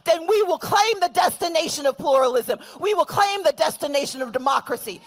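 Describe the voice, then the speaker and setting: A woman speaks from an outdoor rally stage, her high voice pushed into shouts as she builds a speech. She leads the crowd in call-and-response chants. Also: animated, brisk, hardly any pauses.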